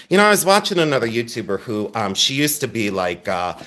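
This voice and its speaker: A man hosting a live online jewelry sale, loud, excitable and chatty, with a habit of teasing himself. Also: medium pitch, fast. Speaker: livestream jewelry seller. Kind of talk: live online sales pitch.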